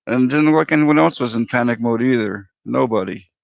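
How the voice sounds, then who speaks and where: Male livestream host, relaxed and chatty, heavy fry in a lowish voice, dry close sound. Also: fairly quick, dry recording. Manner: laid-back, chatty, greets viewers by name. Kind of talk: casual livestream chat. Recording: dry, dull lo-fi audio.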